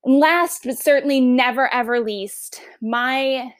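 Woman, Long Island accent, fairly high pitch, teacher, casual podcast intro, upbeat, chatty. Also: unhurried. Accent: Long Island New York. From New York. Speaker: history teacher.

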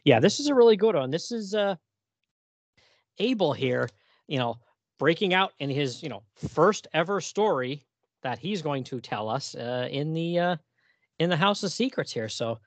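A man's voice: fairly high pitch, lively intonation, normal speed, dry recording. A man co-hosting a casual podcast, enthusiastic and laughing often as he recaps stories. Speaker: podcast co-host. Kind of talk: casual chat.

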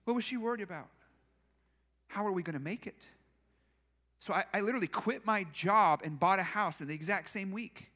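A man's voice: sits high, brisk, sharp tone. A male pastor preaching a sermon in a church, telling personal stories in a conversational, self-deprecating way. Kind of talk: storytelling sermon.

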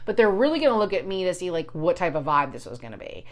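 Lower-voiced woman telling a rambling story. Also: sing-song, fast. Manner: swears often, rambling, restarts sentences. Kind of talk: casual storytelling chat.

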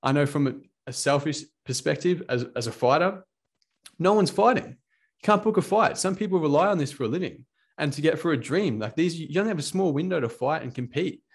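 A man's voice: fairly high pitch, animated, fast talker, husky. A man, a fighter ranting casually and swearing freely. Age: 20s. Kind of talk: casual monologue.

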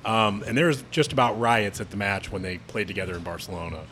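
A man with a fairly low voice talks over a pub table. He thinks aloud as he goes and hesitates often before making his point. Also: quick pace, a bit bright, a little hiss or hum. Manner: hesitant, thinking aloud with many ums and restarts. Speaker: podcast co-host. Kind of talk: casual chat.

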